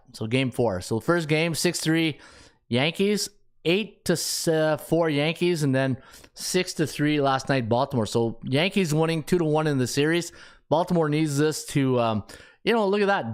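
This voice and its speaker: A man with a Canadian accent hosting a sports betting podcast, chatting casually, thinking aloud and joking with himself as he works through the numbers. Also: fairly high pitch.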